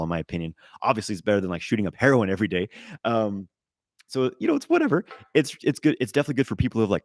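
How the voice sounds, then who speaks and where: A man answering viewer questions on a live stream, loose and animated, swearing, with many fillers and restarts. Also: deep voice, no echo, studio quality. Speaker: qigong teacher answering live chat questions.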